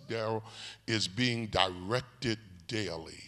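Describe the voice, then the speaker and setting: A man preaching a live sermon as pastor, in an animated, folksy storytelling way, calling out to people in the congregation. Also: medium pitch, slow. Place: large church sanctuary. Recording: echoey hall reverb.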